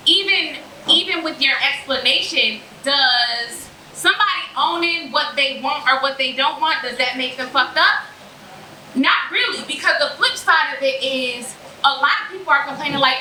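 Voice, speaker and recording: A woman co-host talks bluntly and profanely in a very bright, high voice, laughing as she makes her points. The sound is roomy, with a faint hum of noise behind her. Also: unhurried. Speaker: podcast co-host, therapist. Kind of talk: live podcast talk. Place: patio bar. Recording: roomy live recording.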